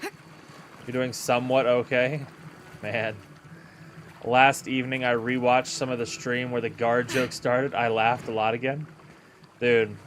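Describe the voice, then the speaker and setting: A man's voice: medium pitch, fairly bright tone, slight background noise. A man streaming a game, chatting casually with viewers in an easygoing way and often repeating words as he thinks. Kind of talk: casual live-stream chat while gaming.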